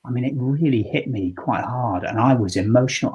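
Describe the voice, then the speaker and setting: A man's voice: mid-range voice, a little fast, few pauses, a little mellow, slightly rough. A man, a leadership coach speaking earnestly and reflectively in an interview, often restarting his sentences. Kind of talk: interview answer.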